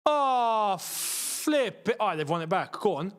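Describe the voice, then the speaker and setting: A young man hosting a live football watchalong, chatting casually and shouting at near misses. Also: high voice, measured pace, smooth. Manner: excitable, shouts at chances, chatty slang. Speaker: football channel host. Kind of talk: live match watchalong commentary.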